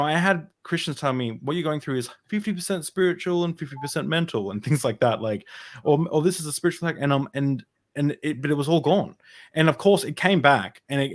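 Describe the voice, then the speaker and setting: A young man in an interview, telling a personal story in a rambling way, with many fillers and restarts. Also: medium pitch. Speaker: podcast guest.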